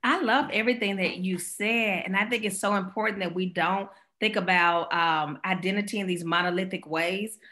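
Bright-voiced woman speaker, animated. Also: mid-range voice. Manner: animated storyteller, quick laughs. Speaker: guest speaker. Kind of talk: conversational Q&A after a talk.

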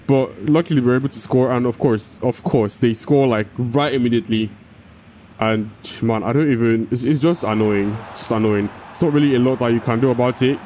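A man's voice: mid-range voice, brisk, warm tone, a little hiss or hum. A young man giving casual gameplay commentary, often frustrated, swearing and restarting his sentences. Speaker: gaming YouTuber.

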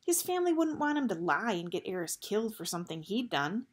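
A woman reading a novel aloud in a steady storytelling manner. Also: medium pitch, brisk, slightly rough. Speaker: audiobook reader.

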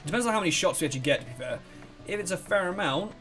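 Fast, excitable gamer guy. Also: sits high, faint music behind. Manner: rambling, excitable, swears freely. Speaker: let's play host. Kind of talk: gameplay commentary.

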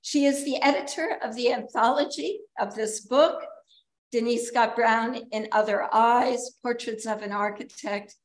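Woman lecturing in an echoey hall. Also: on the high side. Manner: reads prepared remarks with asides and fillers. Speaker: symposium speaker introducing a guest. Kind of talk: formal lecture introduction.

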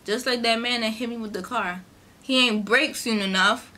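A young woman vlogger, chatting casually through a storytime and acting out the people in it. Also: normal speed. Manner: chatty, animated, acts out quotes in a higher voice. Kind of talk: casual storytime during a mukbang.

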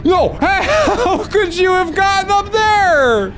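A man with a high, lively voice commentates a horror game. He jumps from low mutters to sudden yelps and laughs. Faint game music plays behind him. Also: slow pace. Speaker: gaming video host.

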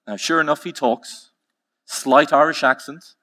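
Male keynote speaker, bright voice, emphatic storytelling with slow repeated lines. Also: mid-range voice. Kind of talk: conference keynote talk.

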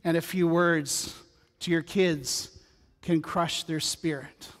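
High-voiced pastor preaching in a reverberant church. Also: male voice, steady tone, slow pace. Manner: conversational, humorous asides, storytelling. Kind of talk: sermon. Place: church sanctuary. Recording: church sanctuary with long reverb.

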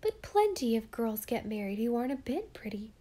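A sensible, proper young girl with a prim, earnest way of speaking, as a woman narrator puts her on. The voice sits fairly high and clear, a storybook reading. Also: big pitch swings, a little fast, warm tone. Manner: earnest, sometimes indignant.

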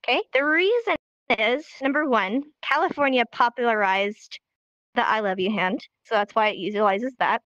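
A woman's voice: a little high, moderate pace, fairly bright tone, dry recording. A woman teaching a live online sign language class in an upbeat, encouraging way, recorded as dull lo-fi stream audio.

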